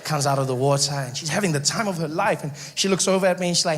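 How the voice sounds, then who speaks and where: Incredulous South African comedian storyteller. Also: male voice, a little high, quick pace, few pauses, slight background noise. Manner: animated, incredulous, acts out the characters. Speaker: stand-up comedian.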